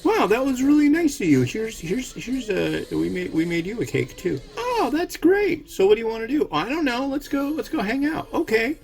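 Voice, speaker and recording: A man voicing a giddy, overly sweet make-believe peacemaker in a squeaky, childishly friendly voice. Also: big pitch swings, normal speed, gravelly, few pauses, darkish tone, exaggerated voice. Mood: gushing.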